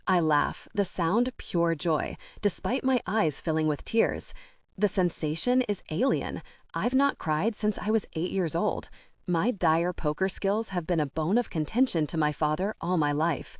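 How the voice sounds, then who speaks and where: A woman narrating an audiobook in the first person, with steady, even storytelling. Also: fairly low pitch, a little slow, no echo, studio quality. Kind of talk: scripted narration.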